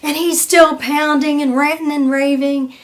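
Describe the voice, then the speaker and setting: Slow, high-voiced woman giving a wellness tip. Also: steady tone. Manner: slow, storytelling, acts out quoted people. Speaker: wellness presenter. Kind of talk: weekly wellness tip talk.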